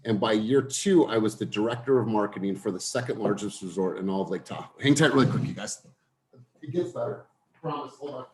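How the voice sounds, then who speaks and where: A man's voice: lowish voice, fairly quick, darkish tone. A young man leading a group coaching call, telling a personal story in an earnest way and speaking directly to the group.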